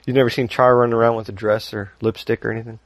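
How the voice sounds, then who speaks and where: A man's voice: mid-range voice, flat delivery, fast, dry recording. A man hosting a podcast, talking casually and rambling a little, laughing often as he reads listener email. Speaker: podcast host.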